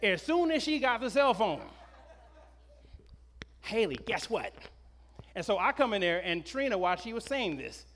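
A middle-aged man, a pastor, preaching a sermon in an animated, conversational storytelling way. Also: sits high, normal speed, pauses often. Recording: long reverb of a large hall.

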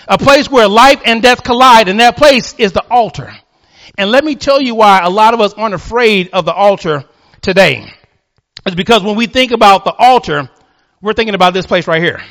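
A male pastor a sermon, moving between quiet storytelling and shouted, fervent calls. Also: sits high.

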